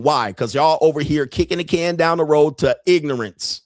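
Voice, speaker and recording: A man's voice: fairly high pitch, normal speed, no echo, studio quality. A man hosting a podcast, ranting in a heated, profane, preachy way and repeating lines for emphasis. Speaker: podcast host. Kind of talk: ranting monologue.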